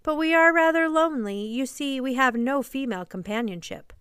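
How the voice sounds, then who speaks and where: A woman's voice: sits high, brisk, a bit bright, clear, resonant tone, dry recording, clean studio sound, voice pushed up. A woman voicing an eager, boastful young boy who refuses to grow up, in a storybook reading. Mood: cocky.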